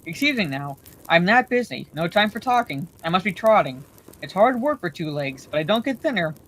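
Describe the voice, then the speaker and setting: A woman voicing a fat, bustling middle-aged male innkeeper who talks on and on, hurried and forgetful, in a storybook reading. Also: fairly low pitch, big pitch swings, fairly bright tone. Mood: flustered.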